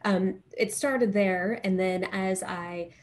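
A woman from Northeast Texas, a wine expert, speaking warmly and articulately with frequent ums on a video call from her bedroom at home. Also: mid-range voice, steady tone, takes it slowly. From Northeast Texas, USA. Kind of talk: live video interview.

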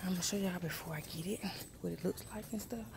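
A woman's voice: lowish voice, fast, creaky, noisy background. A woman, a mother chatting to her viewers in a casual vlog while shopping in stores, calling them y'all. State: out of breath. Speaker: vlogger, mother. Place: stores and mall, indoors.

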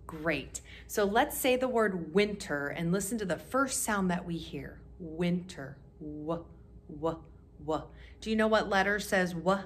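A woman teaching a kindergarten music class, talking slowly and clearly to small children and encouraging them to join in. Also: medium pitch, expressive, slight background noise.

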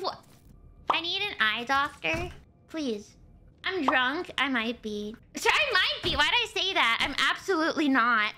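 A woman streaming a game live, talking to her chat and yelling at them in flustered exasperation. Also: high-pitched, big pitch swings, a little slow, very noisy.

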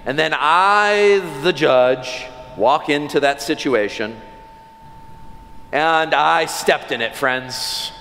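A man in his thirties delivers a sermon from the pulpit, taking his time over each phrase. His voice sits a little high, and he slips into his children's voices as he tells the story. The church microphone carries him into a large sanctuary with a long, lingering reverb. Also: slow, bright, forceful tone, slight background noise. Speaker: pastor. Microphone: church sound system mic.

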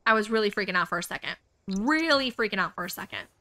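A woman hosting a gaming video, talking through her play in a chatty, excitable way as she thinks aloud to viewers. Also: medium pitch, fast talker. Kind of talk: casual let's-play commentary.

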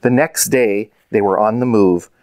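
A man's voice: lowish voice, measured pace, darkish tone, clear, resonant tone, no room sound. Man reading a children's story aloud. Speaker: author reading his book.

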